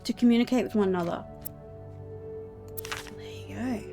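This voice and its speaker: Woman, mid-pitched, casual let's-play commentary, thinks aloud and reads game letters, faint music behind. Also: normal speed, gravelly. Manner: thinks aloud, chatty and amused. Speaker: game streamer.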